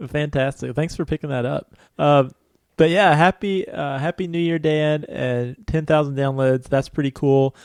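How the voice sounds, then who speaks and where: A man's voice: on the high side, moderate pace, darkish tone, clean tone, dry recording, clean studio sound. A man co-hosting a casual podcast, chatty and friendly, often laughing. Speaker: podcast co-host.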